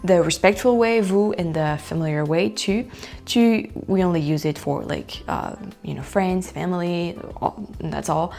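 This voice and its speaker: A woman from France with a French accent, speaking English as a second language in a casual, animated vlog chat, full of likes and restarts. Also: on the low side, normal speed, vocal fry, faint music behind. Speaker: vlogger.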